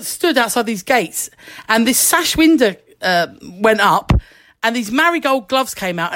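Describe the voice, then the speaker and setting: A middle-aged woman telling a lively anecdote as a guest, laughing often and acting out the voices she quotes. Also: on the high side. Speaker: actress, guest. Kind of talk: anecdotal chat, storytelling.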